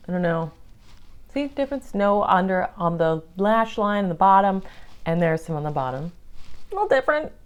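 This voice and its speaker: A woman's voice: mid-range voice, a little mellow. A woman chatting through her makeup routine in a casual tutorial, playful and affectionate, calling viewers darlings. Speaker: makeup vlogger.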